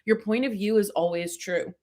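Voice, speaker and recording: Podcast guest: a woman with a Long Island accent, mid-pitched, animated and self-deprecating. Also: moderate pace. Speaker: guest, comedian and brand strategist. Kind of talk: casual podcast conversation.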